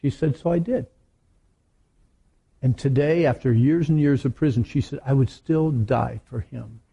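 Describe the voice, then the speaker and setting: A middle-aged man preaching a sermon to teenagers, telling stories in an animated way. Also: medium pitch, unhurried, gravelly, breathy edge. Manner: animated storytelling with acted quotes. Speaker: youth preacher.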